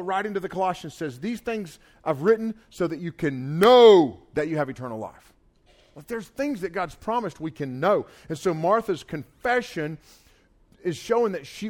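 Southern man preaching a chatty sermon. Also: a little high. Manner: informal and talky, full of "like" and restarts; stresses key phrases slowly and loudly. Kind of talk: conversational sermon.

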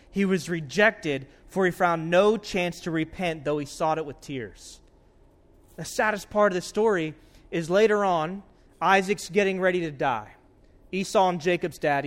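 A man preaching a sermon as pastor, earnest, swinging between loud urgency and hushed warnings. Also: fairly high pitch.

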